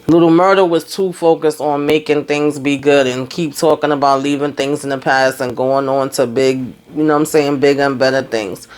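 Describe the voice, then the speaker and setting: Male TV reviewer, slightly high voice, rambling animated storyteller, casual recap. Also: clean tone. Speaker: TV show reviewer.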